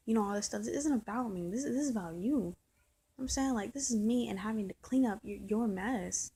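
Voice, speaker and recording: A woman's voice: mid-range voice, fairly quick, mellow, slight background noise. A woman talking straight to camera in a personal vlog, venting and often restarting and repeating her words. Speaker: vlogger.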